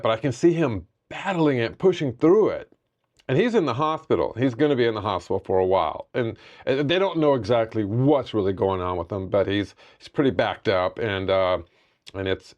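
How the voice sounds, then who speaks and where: A man talks straight to camera in a personal vlog, reflective and determined, often stopping to restart a thought. His pitch sits in the middle range. The sound is a little muffled and lo-fi. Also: a little mellow. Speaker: vlogger sharing a personal health update. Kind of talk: candid talking-head vlog.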